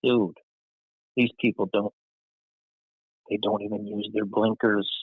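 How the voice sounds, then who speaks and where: A man's voice: fairly low pitch, little pitch movement, measured pace, husky, no echo. A man with a West Tennessee accent, chatting casually with a friend, laid-back and joking. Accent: Southern US, West Tennessee. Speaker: friend and co-host. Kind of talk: casual chat. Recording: dry, dull lo-fi sound.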